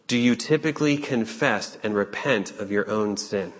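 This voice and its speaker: A man preaching a sermon, urgent and questioning, with dramatic pauses. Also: on the low side. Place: church sanctuary. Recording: long hall reverb.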